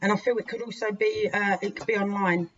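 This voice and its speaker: A woman's voice: mid-range voice, steady tone, a little fast. Frank, swearing woman tarot reader. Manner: frank, indignant, swears freely; emphatic, with sudden loud outbursts. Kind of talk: weekly tarot reading to viewers. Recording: dull lo-fi recording with faint hiss.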